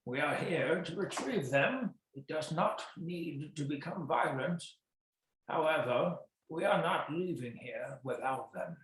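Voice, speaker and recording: Slow-speaking man in an echoey room. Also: on the high side, expressive, fairly bright tone, far from the mic. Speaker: player. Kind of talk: in-character tabletop play. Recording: very echoey room, faint noise.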